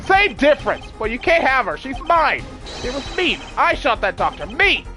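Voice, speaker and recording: A game player voicing a spoiled, possessive young man who shouts whiny threats, with music behind. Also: sits high, sing-song, normal speed, voice pushed up. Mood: angry outburst.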